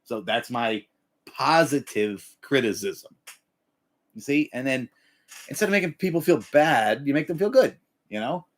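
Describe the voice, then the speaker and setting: A middle-aged man hosting a livestream, giving profane, animated life advice and breaking into yelled impressions. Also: mid-range voice, measured pace. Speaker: livestream host. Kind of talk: profane motivational rant.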